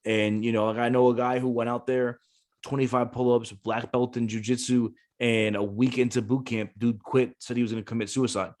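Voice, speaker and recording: A man's voice: medium pitch, level tone, moderate pace, a little mellow. A man, a Marine gunnery sergeant and former recruiter, talking casually on a podcast, blunt and cursing freely as he acts out the voices in his stories.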